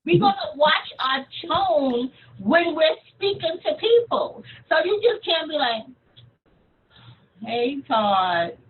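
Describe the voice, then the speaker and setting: Lively woman coach, tinny phone-like sound. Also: high-pitched, a little slow, hardly any pauses. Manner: animated, acts out phone calls. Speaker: network marketing trainer. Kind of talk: coaching talk on phone outreach.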